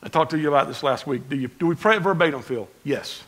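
Bright, animated preaching man. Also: fairly high pitch, fast, rough recording. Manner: conversational preaching, swinging between loud emphasis and quiet asides. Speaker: pastor. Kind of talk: sermon.

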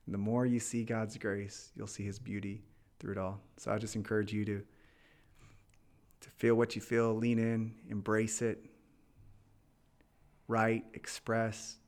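A man, a pastor, giving gentle, earnest encouragement and then praying over listeners. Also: on the low side, little pitch movement, measured pace, pauses often. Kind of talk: encouraging talk and prayer.

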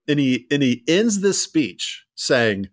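A man's voice: a little high, sing-song, slow, dry recording, clean studio sound. A man co-hosting a casual history podcast, rambling with many fillers and restarts. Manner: rambling, lots of "like" and restarts, laughs at ironies. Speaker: podcast co-host.

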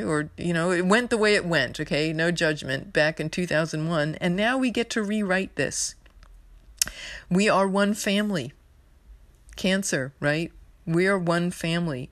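A woman's voice: lowish voice, dry recording. New york lady doing her astrology podcast, lots of ums, earnest, dry sound. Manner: rambling, filler-heavy, earnest and emotional. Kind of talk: casual spiritual podcast monologue.

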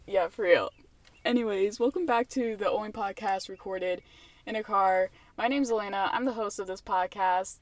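A woman's voice: medium pitch, dry recording. A young woman hosting a podcast from inside a car, chatting casually and rambling with lots of fillers and laughter. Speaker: podcast host. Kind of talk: casual chat.

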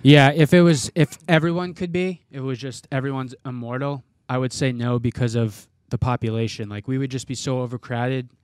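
A man's voice: medium pitch, fairly even intonation, a little fast, hardly any pauses, a little mellow, smooth, no room sound, clean studio sound. A man co-hosting a casual podcast chat, rambling and restarting his thoughts as he goes. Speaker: podcast co-host.

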